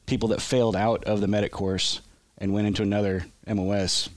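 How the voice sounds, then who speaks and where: A man's lowish voice unwinds a long, rambling army story in casual chat, tripping over his own restarts and laughing along the way. The sound is close and dry, with no room around it. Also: little pitch movement, brisk, no room sound. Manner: rambling, self-interrupting storyteller who laughs often. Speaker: podcast guest, army veteran.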